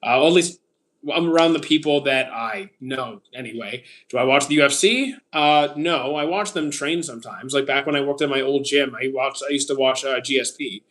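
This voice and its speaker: A man's voice: medium pitch, moderate pace, a bit bright. A man in his thirties from Canada, casually reading out viewer questions on a livestream and answering them briefly, with frequent "uh"s. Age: 30s. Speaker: streamer answering chat.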